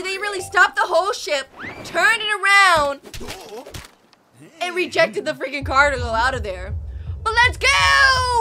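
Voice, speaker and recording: A young woman hosting a reaction video, excitedly commenting and laughing often. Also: high voice. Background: video soundtrack music playing.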